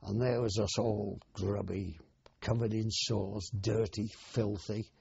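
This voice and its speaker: Gravelly older man reminiscing. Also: on the low side, flat delivery, darkish tone, dry recording. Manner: plain, unhurried storytelling. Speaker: war veteran interviewee. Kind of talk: oral history reminiscence. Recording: dull, dry archive interview recording.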